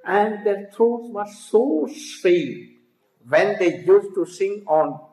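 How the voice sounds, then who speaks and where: A man telling a devotional story as a spiritual teacher, halting and often checking in with listeners. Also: high-pitched, lively intonation, a little mellow, echoey room, poor audio. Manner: slow, halting storytelling with frequent "hmm?" prompts to listeners.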